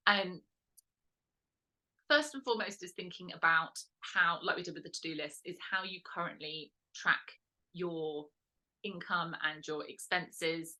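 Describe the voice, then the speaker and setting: A woman leads a casual workshop in a low, bright and forceful voice. She talks in a loose, rambling way, correcting herself and filling pauses with "um". She sounds like a host chatting her way through her teaching points. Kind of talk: casual instructional talk.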